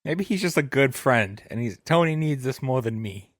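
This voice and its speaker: A man's voice: mid-range voice, lively intonation, moderate pace, dry recording. Critical man with a dry close voice. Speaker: podcast co-host. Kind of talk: casual chat.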